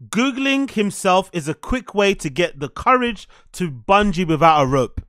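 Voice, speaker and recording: A man's voice: sits high, animated, moderate pace, few pauses, a bit bright. A man with a London accent giving blunt, sarcastic reaction commentary. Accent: London English. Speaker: commentary streamer.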